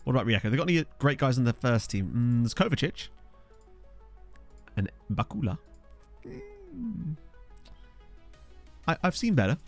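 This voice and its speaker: Lively chatty young man streaming. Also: mid-range voice, normal speed, gravelly, long pauses, soft background music. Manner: chatty, thinks aloud, thanks followers. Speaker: streamer playing a football management game. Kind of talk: casual live-stream commentary. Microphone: desk USB microphone.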